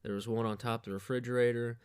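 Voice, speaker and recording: A man's voice: medium pitch, little pitch movement, fast talker, a little mellow, clear, resonant tone, no room sound, studio quality. A man hosting a podcast, telling a crude, rambling comic story with lots of swearing and bragging. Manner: profane, boastful, loose storytelling. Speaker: podcast host.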